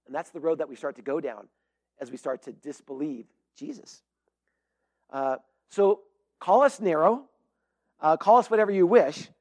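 Middle-aged male pastor with a high voice, earnest and emphatic sermon delivery. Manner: earnest, emphatic, with frequent fillers and restarts.

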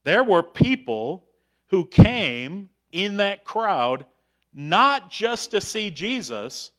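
Slow, emphatic male preacher. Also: a little high, fairly bright tone. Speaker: pastor. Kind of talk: sermon.

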